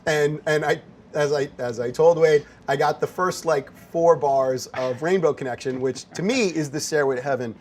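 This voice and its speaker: A man's voice: fairly high pitch, normal speed, a little mellow. A man hosting an interview from behind a bar, enthusiastic and effusive in casual chat. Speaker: show host.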